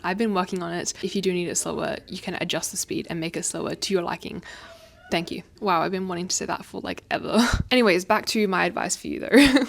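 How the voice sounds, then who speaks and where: Fast-talking young woman podcast host. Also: lowish voice, vocal fry. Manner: fast-talking, expressive, laughs often, slight stutter. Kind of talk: casual advice monologue. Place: home, indoors. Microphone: facing own camera.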